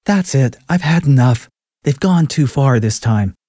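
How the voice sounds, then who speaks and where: A man's voice: mid-range voice, expressive, unhurried, mellow, no echo, studio quality, voice pushed up. A man narrating a story, voicing an angry, stubborn woman skeptic with a scornful, grumbling manner. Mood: fed up.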